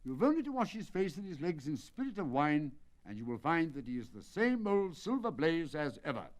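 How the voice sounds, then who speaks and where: Imperturbable detective, quiet and precise, lively pitch, read by a male narrator. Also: fairly quick. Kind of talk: dramatic audiobook reading.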